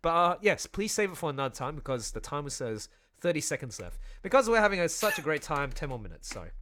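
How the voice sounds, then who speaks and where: A man hosting a casual group voice chat, animated and laughing often. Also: fairly high pitch, fast talker. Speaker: server host and game master.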